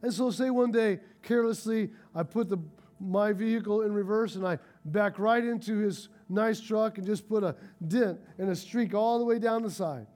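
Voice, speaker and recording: A male pastor preaching a sermon, telling stories with animated, rising excitement. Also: high-pitched, moderate pace, soft background music.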